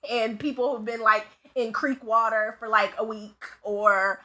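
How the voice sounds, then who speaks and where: High bright woman guest, chatty, says "like" a lot, telling stories from work. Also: a little slow. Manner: animated, lots of "like" fillers, laughs often. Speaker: autopsy technician guest. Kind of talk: casual storytelling.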